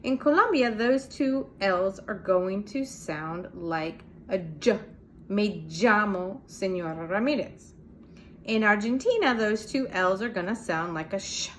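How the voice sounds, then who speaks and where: A woman's voice: mid-range voice, expressive, unhurried, hardly any pauses, slight background noise. An American woman, a Spanish teacher, giving a casual video lesson, explaining step by step, spelling out letters and modeling pronunciations. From United States.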